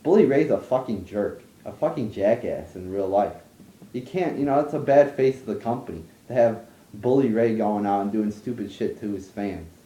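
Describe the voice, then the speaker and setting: A man's voice: lowish voice, normal speed, mellow. A young man giving a blunt, profane, rambling rant about wrestling, full of fillers. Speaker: wrestling commentator ranting online. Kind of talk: casual rant. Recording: echoey room.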